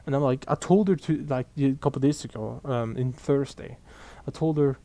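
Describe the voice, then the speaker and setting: A young man, his tone dark and mellow. He rants casually to camera, swearing freely and sounding fed up and animated. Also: medium pitch, normal speed. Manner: profane, exasperated, animated storytelling. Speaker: vlogger. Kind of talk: casual ranting monologue.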